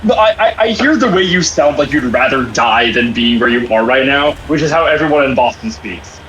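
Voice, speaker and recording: A man's voice: medium pitch, a little fast, a crowd in the background, rough recording. A man co-hosting a livestream, chatting casually and laughing a lot while cooking at home, talking into a computer mic on a voice call. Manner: laughing, joking, lively. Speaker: stream co-host.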